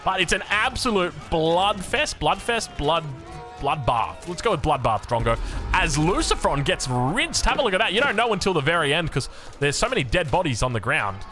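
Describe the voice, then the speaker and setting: A man's voice: fairly high pitch, very animated, moderate pace, sharp tone, faint music behind. A young man with an Australian accent, casting a strategy game with jokey, rambling asides. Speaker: game caster. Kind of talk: game commentary with chatty asides.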